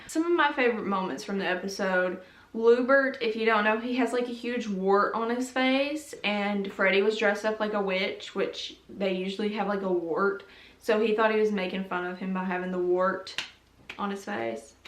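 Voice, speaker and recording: A woman's voice: mid-range voice, normal speed. Giggly young woman chatting, roomy echo. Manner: chatty and giggly, heavy use of "like". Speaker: YouTube host. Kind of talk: casual chat reviewing TV episodes. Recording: roomy echo, mic at a distance.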